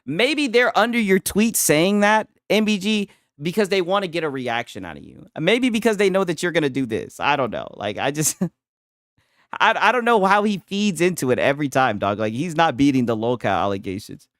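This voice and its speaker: Guy streamer roasting a clip, high lively voice, laughs a lot, dry mic. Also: normal speed, dry recording. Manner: mocking, laughing, slangy, replays and repeats lines. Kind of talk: casual reaction commentary.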